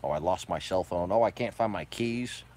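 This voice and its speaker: At a moderate pace, a man delivers a profane, combative ranting monologue, swinging between low mutters and loud outbursts.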